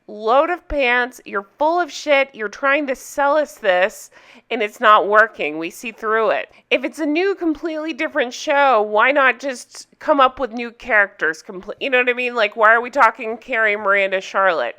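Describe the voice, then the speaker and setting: A woman's voice: on the high side, animated, normal speed, sharp tone, clear, resonant tone. A woman hosting a casual commentary vlog, ranting bluntly and swearing freely, with a sarcastic edge. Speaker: YouTube commentary host.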